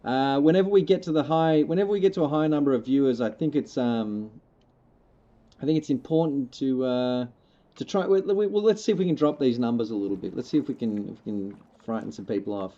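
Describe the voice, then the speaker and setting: Over a slightly muffled lo-fi mic, a man with a medium-pitched, dark-toned voice plays a farming game live. He talks fairly quickly with lively intonation, joking and rambling casually with his viewers.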